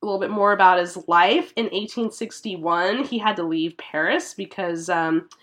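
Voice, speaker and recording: A woman hosting a casual chat podcast, telling a story in an animated way and laughing now and then. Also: lowish voice, moderate pace. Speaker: podcast host.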